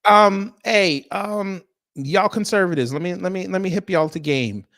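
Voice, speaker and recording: A man's voice: sits high, normal speed, fairly bright tone. A man hosting casual commentary, blunt and mocking, slangy and swearing, talking straight to the audience. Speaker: host.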